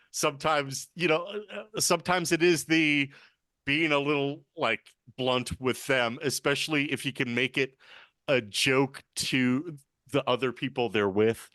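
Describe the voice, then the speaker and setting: Man, podcast host, dry-witted, measured, dry close sound. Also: medium pitch, pushed and bright, no echo. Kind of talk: casual podcast chat.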